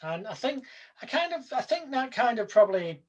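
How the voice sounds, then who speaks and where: Male guest, high voice, persuasive, emphatic. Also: very animated, normal speed, highs cut off. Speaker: hypnotist guest. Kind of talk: casual interview talk.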